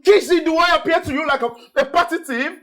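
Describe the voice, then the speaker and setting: A woman's voice: very high voice, fast talker, fairly bright tone. An actress playing a vain, dramatic young woman influencer with a Nigerian accent, given to theatrical self-pity. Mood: outraged. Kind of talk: Nollywood film acting.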